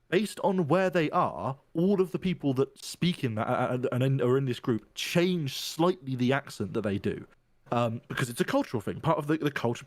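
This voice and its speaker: A man's voice: medium pitch, no room sound. A man in casual podcast chat, thinking aloud and rambling through restarts as he argues his point.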